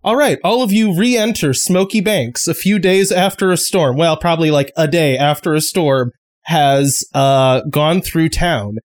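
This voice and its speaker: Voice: mid-range voice, unhurried. A game master casually narrating a tabletop game and laughing often.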